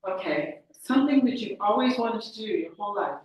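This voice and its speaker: A woman voicing a gruff, impatient woman coach on the phone, firing curt questions, heard from far off in a very echoey room. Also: mid-range voice, expressive, fairly quick, muffled recording, close to an everyday voice. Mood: brisk. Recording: very echoey room, distant mic.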